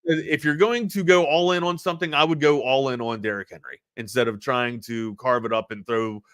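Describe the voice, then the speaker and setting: Bright-toned man with slight Baltimore accent. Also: mid-range voice, fairly quick, clear, resonant tone, no room sound, clean studio sound. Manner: rambling, animated game breakdown. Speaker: sports talk show co-host. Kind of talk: casual sports talk. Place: studio.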